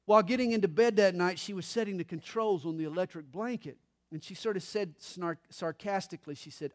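High-voiced man preaching a sermon. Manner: dynamic preaching with dramatic pauses and humor. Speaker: pastor.

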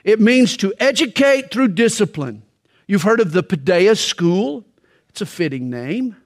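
Middle-aged pastor guy preaching, pretty high voice, slows way down to hit his points. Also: sing-song. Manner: storytelling preacher, dramatic pauses and slowed emphasis. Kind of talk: sermon.

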